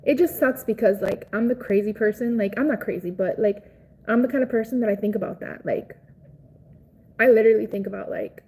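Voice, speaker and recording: A woman's voice: mid-range voice, brisk, a little mellow, husky, low-quality recording. A young adult woman chatting casually with viewers on a live stream. She rambles with lots of "like" fillers and speaks in an emotional, sympathetic way. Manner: sympathetic and consoling.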